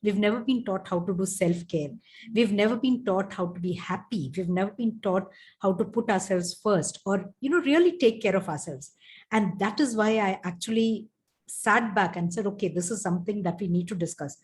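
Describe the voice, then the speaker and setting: A woman life coach speaks as a guest on an interview show. She talks fluently and agreeably in a mid-pitched voice. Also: moderate pace. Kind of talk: interview conversation.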